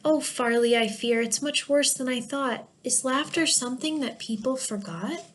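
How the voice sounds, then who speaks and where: A cheerful male jester from a children's storybook, read by a woman. The delivery is bright and coaxing and sits a touch high, with a lilting, rhyming rhythm. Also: normal speed, natural voice. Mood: earnest. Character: cheerful jester on a quest to find laughter, male.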